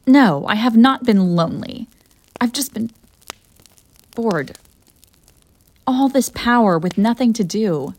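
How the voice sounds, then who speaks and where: A woman's voice: fairly high pitch, lively intonation, takes it slowly, pauses often, a little mellow, dry recording, heavily acted. A woman playing a haughty, bored succubus. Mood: defensive. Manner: haughty and theatrical, defensive when pressed. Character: proud, bored, centuries-old female succubus. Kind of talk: audio role-play addressed to the listener.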